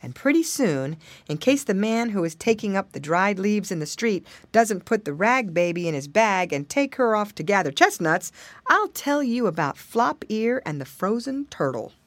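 A woman narrating a children's storybook in a playful, expressive manner. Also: mid-range voice, moderate pace, no echo. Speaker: audiobook reader.

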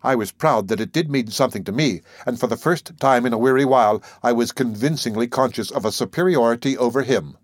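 A man's voice: mid-range voice, fairly quick, hardly any pauses, no echo. Man narrating a classic novel, dry. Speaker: audiobook narrator. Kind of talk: scripted literary narration.

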